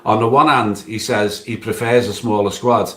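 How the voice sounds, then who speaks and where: A man giving a scripted opinion read-out in a measured, steady delivery. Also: fairly low pitch. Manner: measured, steady reading of a prepared piece. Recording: echoey room sound.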